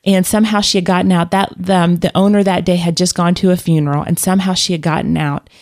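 Low-voiced woman telling a story. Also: fairly even intonation, fast talker, darkish tone. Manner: rambling, many restarts and fillers, laughs often. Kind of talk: casual storytelling.

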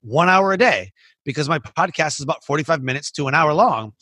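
A man's voice: on the high side, expressive, fairly quick, pushed and bright, husky, no room sound. A man who hosts a podcast and coaches, chatting in a rambling way, full of "like" and restarts. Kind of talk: casual interview chat.

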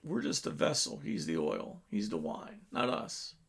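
A man preaching a sermon, telling a story with his voice swelling loud and dropping low. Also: very animated, unhurried, vocal fry, slightly rough.

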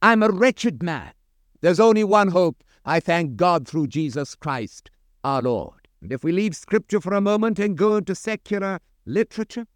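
A man's voice: high voice, a bit bright, smooth, no room sound, studio quality. A man preaching a sermon to a congregation, quoting scripture with impassioned, dramatic emphasis.

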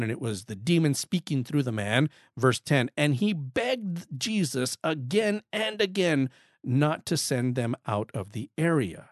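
A man's voice: mid-range voice, no echo, studio quality. A man giving a Bible study lesson, talking earnestly and emphatically, often repeating words as he drives a point home. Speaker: Bible teacher. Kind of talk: Bible study teaching talk.

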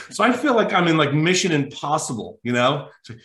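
A man, a mental toughness coach, telling an animated story as a podcast guest, emphatic and acting out the quotes. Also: fairly high pitch, moderate pace, reverberant. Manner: lively, emphatic, acts out quotes.

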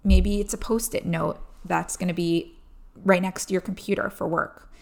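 A woman in her thirties hosting a calm advice podcast, speaking gently and encouragingly straight to the listener. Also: fairly low pitch, normal speed, vocal fry. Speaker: podcast host.

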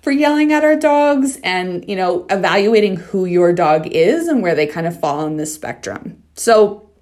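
A woman's voice: on the low side, expressive, moderate pace, darkish tone. A young adult woman hosting a dog-training podcast, talking frankly and casually, swearing freely and checking in with listeners. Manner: frank, swears freely, asks "okay?" often.

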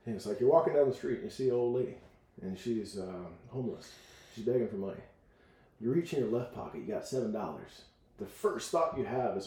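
A man coaching in a casual podcast conversation, telling stories with lively acted-out quotes. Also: medium pitch, fast, reverberant. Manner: animated storyteller, acts out voices in quotes.

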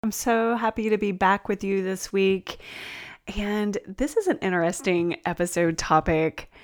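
A woman hosting a solo podcast as an empath coach, talking in an earnest, encouraging way with small self-corrections. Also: mid-range voice. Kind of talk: casual solo podcast talk.

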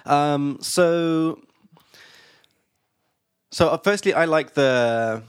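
A man's voice: on the high side, extremely slow, clear, resonant tone, dry recording, clean studio sound. A man co-hosting a casual podcast, chatting loosely, laughing often and trailing off mid-thought. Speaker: podcast co-host. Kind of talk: casual chat.

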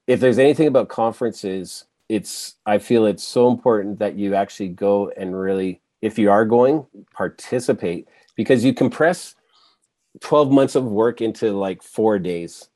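A man's voice: fairly low pitch, normal speed, dark tone, dry recording. A man hosting a podcast over a video call, telling anecdotes in a loose, filler-heavy way. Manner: chatty anecdotes, filler-heavy, laughs easily. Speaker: podcast host. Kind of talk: casual conversational interview.

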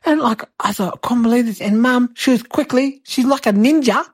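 A woman's voice: fairly high pitch, brisk, breathy edge, no echo. Woman playing a rambling eight-year-old boy. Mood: excitable. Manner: rambling, breathless, childlike exaggeration. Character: cheeky eight-year-old boy telling tall tales. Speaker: host. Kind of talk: comic storytelling monologue.

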